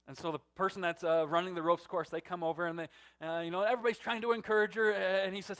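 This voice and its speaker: A man preaching a sermon as pastor, telling a story and swinging between loud emphatic lines and hushed, soft ones. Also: high-pitched, fairly even intonation, fast.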